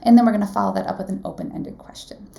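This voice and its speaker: A woman teaches a live online class as a nursing exam instructor, talking conversationally, frequently asking the audience questions, and often saying "right?". Her mid-range voice is mellow, creaky, and steady in tone, and she talks rapid-fire.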